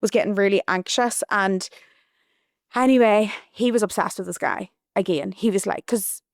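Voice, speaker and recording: A woman's voice: medium pitch, normal speed, dry recording, studio quality. A woman hosting her own podcast, telling a personal story in a chatty, rambling way with lots of "like". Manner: chatty, rambling, heavy use of "like". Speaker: podcast host. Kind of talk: casual storytelling monologue.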